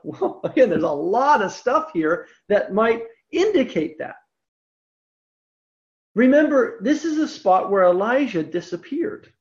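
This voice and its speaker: Scripture lecturer, emphatic and lively, dull low-fidelity recording. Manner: animated, emphatic, slows down on key points. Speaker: Bible teacher.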